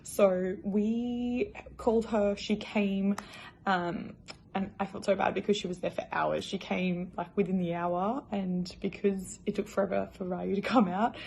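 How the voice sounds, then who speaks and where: A woman's voice: mid-range voice, gravelly, mellow, a little hiss or hum. A young woman casually telling her personal story in a chatty, emotional way, full of fillers. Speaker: new mother.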